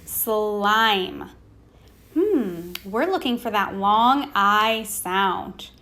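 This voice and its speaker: A woman teaching a recorded phonics lesson to young children, sounding out words slowly and patiently, asking questions and waiting for answers. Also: medium pitch, sing-song, sharp tone. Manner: slow, sounding out words letter by letter.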